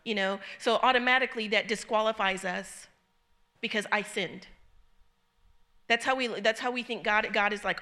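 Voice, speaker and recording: A woman's voice: medium pitch, fairly even intonation, a little fast, bright, forceful tone. A middle-aged woman giving an informal sermon to a small group, talking in a conversational, earnest way with frequent ums and restarts. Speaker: church speaker teaching a group. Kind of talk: informal sermon with personal story.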